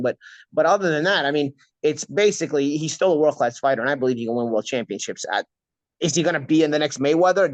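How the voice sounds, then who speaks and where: A man's voice: medium pitch, no echo, muffled recording. A man hosting a casual boxing talk show, stuffed up with a cold, talking bluntly and repeating himself. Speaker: podcast host.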